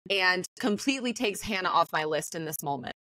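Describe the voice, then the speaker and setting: A woman's voice: lowish voice, expressive, fairly quick, bright, forceful tone, no room sound. A young woman, a co-host, going through her notes in a casual, methodical chat. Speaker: co-host, former contestant.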